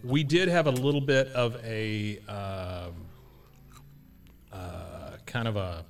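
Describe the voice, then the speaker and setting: Deadpan man hosting, mic a bit distant. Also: lowish voice, slow pace. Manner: dry, deadpan joking. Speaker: podcast host. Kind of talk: casual chat.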